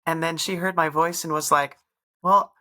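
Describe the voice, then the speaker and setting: Bright-toned low woman asking questions. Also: steady tone, brisk. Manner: inquisitive, asks follow-up questions. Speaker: podcast co-host. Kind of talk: casual podcast chat.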